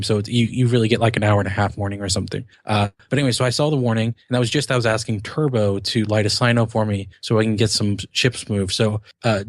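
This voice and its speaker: A man's voice: lowish voice, no echo, clean studio sound. A man co-hosting a casual gaming podcast, telling a story in a meandering way with frequent self-corrections. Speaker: podcast co-host.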